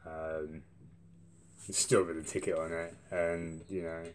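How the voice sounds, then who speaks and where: A man's voice: low voice, takes it slowly, slight background noise. A young man telling a rambling, swear-filled story in a casual vlog. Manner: swears a lot, rambling and animated when retelling.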